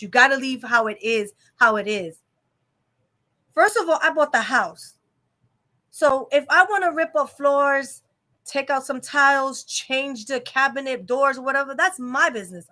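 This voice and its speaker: A woman's voice: high voice, moderate pace, pushed and bright. A young adult woman hosting a casual live-stream chat, giving an opinionated, rambling rant full of fillers. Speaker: vlog host.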